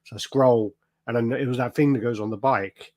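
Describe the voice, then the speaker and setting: A man hosting a casual podcast, telling a story in an animated way and acting out the people in it, with a lot of swearing. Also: medium pitch, a little fast, no echo, studio quality. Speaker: podcast host. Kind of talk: casual chat.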